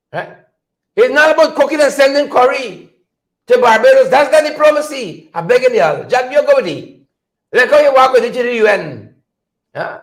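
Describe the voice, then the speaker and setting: A man's voice: very high voice, low-quality recording. A man with a Guyanese accent hosting a political commentary livestream, sarcastic and repetitive, pleading with his viewers.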